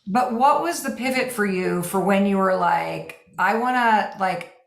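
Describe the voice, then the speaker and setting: A woman's voice: mid-range voice, measured pace, gravelly. A woman hosting an interview, with a voice in the middle range. She asks curious, probing questions. Her voice carries a roomy echo. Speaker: host. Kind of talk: interview conversation.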